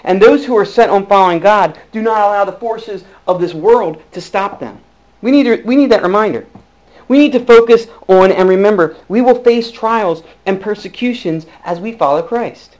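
High-voiced preacher, hushed to emphatic. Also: male voice, moderate pace, poor audio. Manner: earnest, swings from hushed to emphatic. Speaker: pastor. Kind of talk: sermon.

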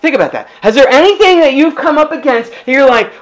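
A man's voice: very high-pitched, expressive, quick pace, few pauses, low-quality recording. A middle-aged male pastor giving a conversational sermon, full of rhetorical questions.

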